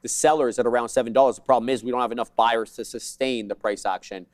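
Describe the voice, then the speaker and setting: A man co-hosting a live trading broadcast, rattling off prices, stops and spreads with casual joking asides. His voice sits at a middling pitch, recorded close and dry in a studio. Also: fairly even intonation, no room sound. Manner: fast jargon-filled trade calls, joking asides. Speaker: day trading show co-host.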